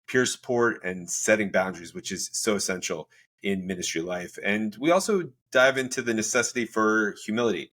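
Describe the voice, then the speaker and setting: A man's voice: on the low side, lively intonation, brisk, a bit bright. A man hosting a church ministry podcast, introducing and interviewing a guest in an upbeat, chatty way that often trips over its own words. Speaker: podcast host.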